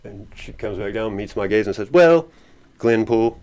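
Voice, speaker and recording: A man's voice: lowish voice, completely flat delivery, a little fast, darkish tone, a little hiss or hum. A man telling a story as an interview guest, rambling and laughing often. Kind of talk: casual storytelling.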